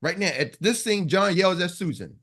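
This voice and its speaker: A man's voice: high-pitched, expressive, normal speed, a bit bright, slightly rough. A man leading a motivational sales coaching call, talking emphatically, repeating himself and acting out what customers say.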